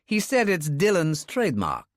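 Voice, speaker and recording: Guy voicing a worried apologetic friend, pitched up, swings all over, no room sound. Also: huge pitch swings, moderate pace, no echo, clean studio sound. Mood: anxious. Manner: pleading, agitated. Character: anxious apologetic middle-aged man, old friend.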